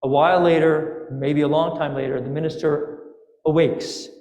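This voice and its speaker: A man with a somewhat high voice delivers a sermon as a fairy tale, full of playful asides and questions to his listeners. He speaks in a synagogue sanctuary, and his voice rings out with a long, roomy reverb. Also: normal speed. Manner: lively, playful storyteller with asides to the congregation. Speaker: rabbi. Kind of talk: sermon storytelling.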